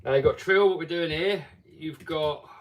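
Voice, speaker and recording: A man's voice: on the high side, normal speed, recorded from a distance. A man hosting a casual live stream, chatting and reading viewer comments aloud.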